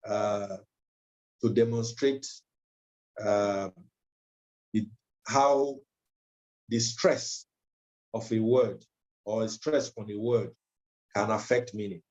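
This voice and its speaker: Slow, mellow man lecturing. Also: on the low side, fairly even intonation. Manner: measured, with frequent ums and uhs. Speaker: legal trainer. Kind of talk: training lecture. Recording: dull lo-fi recording.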